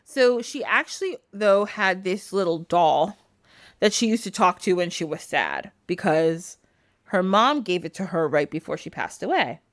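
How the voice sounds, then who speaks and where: Animated woman podcast host retelling a tale. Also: fairly low pitch, unhurried, dry recording, studio quality. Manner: animated, laughs often, filler "like". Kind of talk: casual storytelling.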